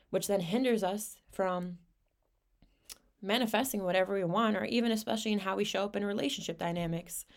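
A woman's voice: mid-range voice, a little mellow. A young woman hosting her own podcast, talking candidly in a casual monologue full of slang and swearing. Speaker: podcast host.

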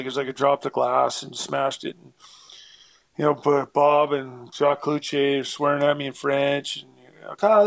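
A man's voice: on the high side, gravelly, no room sound. A man, a former hockey player, telling rambling stories in a casual interview, full of fillers and acted-out quotes.

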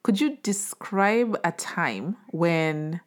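With an animated, lowish voice and drawn-out words, a podcast host conducts a casual interview, offering her guest plenty of affirmations and using lots of filler in her loose delivery.

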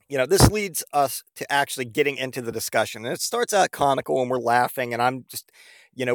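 A man's voice: medium pitch, clean tone, dry recording, studio quality. A man hosting a podcast, telling a comedic story in a rambling, profane way full of fillers. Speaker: podcast host.

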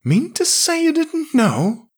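A man voicing an excitable young male space adventurer in a raised, urgent voice. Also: extremely high pitch, slow pace, pitched above the performer's own voice, heavily acted. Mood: excited.

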